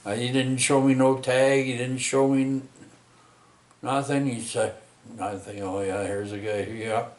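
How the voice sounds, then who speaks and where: A middle-aged man, rambling through a personal story with many halting restarts and tag questions. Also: medium pitch, fairly even intonation, reverberant. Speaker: vlogger telling a personal story.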